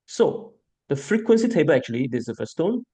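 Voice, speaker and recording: A man teaching a beginner language class, slowly repeating sounds for students to echo. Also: fairly high pitch, sing-song, warm tone, slightly rough. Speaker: Mandarin teacher. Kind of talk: classroom lesson.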